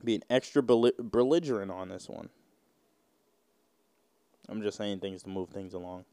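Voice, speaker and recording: A man's voice: fairly low pitch, normal speed, dark tone, smooth, no echo. A man in his twenties hosting a solo podcast, rambling and joking with plenty of profanity. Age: 20s. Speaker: podcast host. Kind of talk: casual solo podcast rant.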